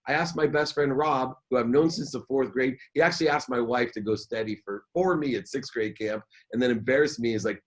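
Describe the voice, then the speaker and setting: Candid middle-aged man telling his story. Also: medium pitch. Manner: candid, halting repetitions. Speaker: guest. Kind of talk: personal storytelling in interview.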